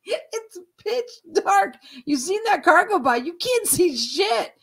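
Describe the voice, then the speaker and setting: Woman vlogger, high and lively voice, unhurried, profane, easily amused. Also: creaky. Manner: profane, laughing, excitable storytelling; hushed whispering in the dark. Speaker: vlogger on a night ghost hunt. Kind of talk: casual vlog narration.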